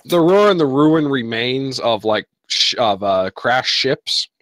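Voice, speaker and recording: A man's voice: medium pitch, expressive, slow pace, fairly bright tone, dry recording. A young man narrating a tabletop game as game master, describing scenes in a rambling way with restarts.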